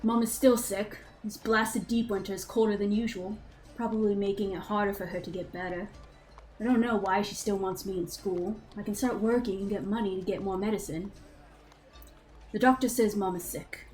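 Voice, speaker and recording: A woman's voice: mid-range voice, fairly even intonation, normal speed, darkish tone, lightly acted, poor audio. A woman voicing a bitter, resentful young man with a British accent, reading his diary aloud and swearing. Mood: angry.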